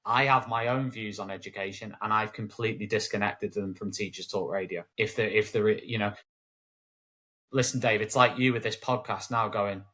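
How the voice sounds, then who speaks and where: A man's voice: fairly low pitch, normal speed. A British man, a guest on an interview podcast, telling stories with energy and slipping into quoted voices. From United Kingdom. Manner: animated storyteller who acts out quoted voices. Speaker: guest, education broadcaster. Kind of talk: conversational interview.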